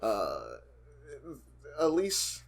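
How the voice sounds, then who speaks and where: A man's voice: on the low side, huge pitch swings, extremely slow. A man co-hosting a podcast in casual chat, laughing often and restarting his sentences. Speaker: podcast co-host.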